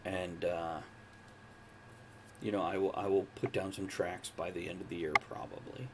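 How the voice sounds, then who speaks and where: A man in his forties hosting a casual podcast chat from home, relaxed and talkative, cracking jokes as he goes. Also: sits low, normal speed, heavy background noise. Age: 40s. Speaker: podcast host.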